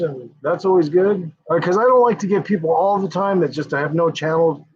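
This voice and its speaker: A man's voice: on the high side, slightly rough. A man hosting a casual livestream, rambling and cursing freely, often trailing off with fillers. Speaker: livestream host. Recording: dull lo-fi sound.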